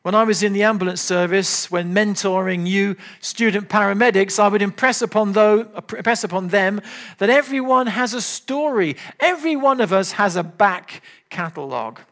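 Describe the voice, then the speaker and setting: An older man preaching a sermon, earnest and emphatic, at times dropping to soft, low appeals. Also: moderate pace.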